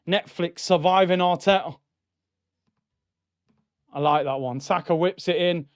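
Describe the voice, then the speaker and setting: A man's voice: high-pitched, measured pace, long pauses, no echo. A young man streaming a live football watchalong, reacting to the match and reading out chat comments. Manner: excitable, shouts at goals, then grumbles and reads comments.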